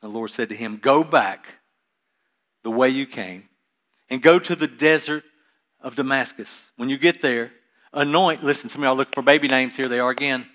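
Male pastor, medium pitch, sermon delivery, loud-to-soft dynamics, casual asides. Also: normal speed. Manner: reads Scripture aloud and explains it with casual asides; swings between loud emphasis and quiet, trailing lines.

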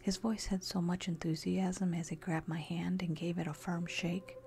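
A woman narrating a scary story in a soft, steady whisper. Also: fairly low pitch, normal speed, vocal fry.

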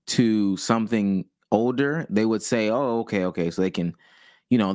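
A young man co-hosting a podcast, talking casually and haltingly, restarting phrases as he thinks aloud. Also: lowish voice, no echo, clean studio sound. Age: young adult. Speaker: podcast co-host. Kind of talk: casual debate chat.

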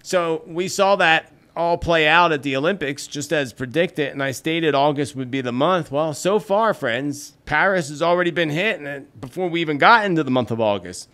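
A man's voice: on the high side, animated, moderate pace, few pauses, fairly bright tone. A man hosting his own channel, earnestly telling viewers his psychic predictions and often calling them friends. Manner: earnest, addresses listeners as "friends". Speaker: psychic host. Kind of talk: solo predictions talk to camera.

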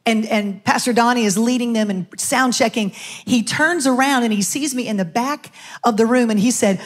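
Animated woman pastor telling a story. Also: fairly high pitch, a little fast. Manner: animated storytelling, acting out quoted voices. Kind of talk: sermon testimony. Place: church stage.

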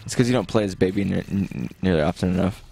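A young man with a low, husky voice and a gravelly rasp, chatting through a couch co-op game. He talks in a laid-back, rambling way, trailing off and restarting as he thinks aloud. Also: rapid-fire, warm tone. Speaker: gaming channel co-host. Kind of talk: casual let's-play chat. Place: living room couch, gaming in person.

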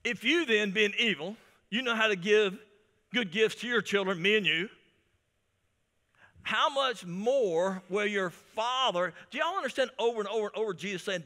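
High, bright-voiced preaching man. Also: expressive, moderate pace. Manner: fervent preaching with repeated restarts. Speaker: pastor. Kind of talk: sermon. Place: church sanctuary. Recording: church hall reverb.

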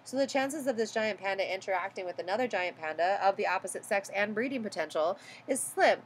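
A woman's voice: mid-range voice, animated, fairly quick, slight background noise. A woman giving a recorded biology lecture in a conversational way, often checking in with "right?" and correcting herself as she goes.

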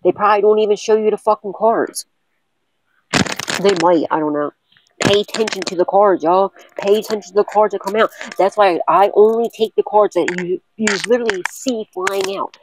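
A woman's voice: medium pitch, background noise. A woman tarot reader in a casual vlog, talking bluntly and cursing often while she repeats urgent warnings to her viewers.

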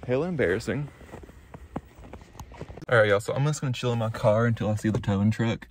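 A man's voice: lowish voice, a little fast, a little hiss or hum. Rambling, swearing young guy. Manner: rambling, heavy swearing, lots of "like" and "y'all". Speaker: vlogger. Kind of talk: casual vlog to camera. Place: car and roadside in snow, then parked truck.

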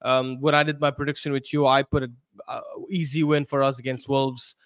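A man who is a guest on a football stream, giving measured, hedged opinions in casual chat. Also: medium pitch, level tone, fairly bright tone, no room sound, studio quality. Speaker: guest pundit.

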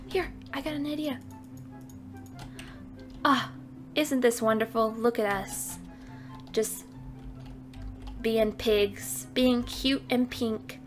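A young woman with a high, girlish voice narrates her Minecraft game at a relaxed, unhurried pace. She is playful and chatty, coos over cute animals and keeps slipping in a silly oink refrain. Light music plays faintly behind her. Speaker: gaming channel host. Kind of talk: casual Minecraft let's play commentary.

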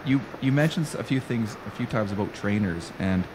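A man's voice: fairly low pitch, animated, brisk. A man hosting an interview, casual and self-deprecating, sometimes losing his words mid-sentence. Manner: casual, laughs at himself, loses his words. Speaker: podcast host. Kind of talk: conversational interview. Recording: noisy recording.

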